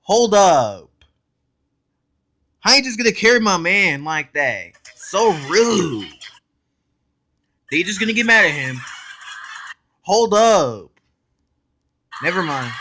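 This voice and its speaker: A man hosting a casual reaction video, excitable and blunt, talking in slang straight to his viewers and cutting in often to comment. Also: high-pitched, slow, long pauses. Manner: excitable, blunt and profane, keeps interrupting with "hold up".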